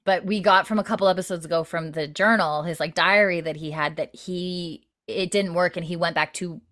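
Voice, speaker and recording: A woman's voice: on the low side, steady tone, a little fast, a bit bright. A woman casually recapping a TV episode with a co-host, rambling with lots of fillers and quoting the characters' lines. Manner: rambling, filler-heavy retelling with quoted lines. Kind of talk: casual chat.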